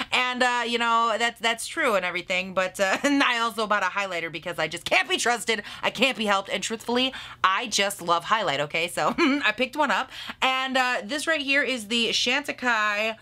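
A woman's voice: a little high, a little fast, sharp tone. A woman beauty vlogger reviewing makeup in a gushing, sassy, chatty way with frequent laughs and gasps.

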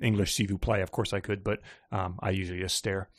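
A man's voice: sits low, flat delivery, quick pace, no room sound, studio quality. A man co-hosting a podcast, chatting casually and sarcastically about a book. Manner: sarcastic, laughs often. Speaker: podcast co-host. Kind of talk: casual book-discussion chat.

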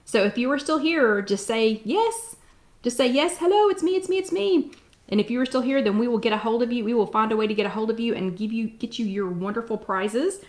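A middle-aged woman, hosting a live-stream chat at home in a bubbly, excited way. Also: fairly high pitch. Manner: bubbly and excited, drawn-out exclamations. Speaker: host.

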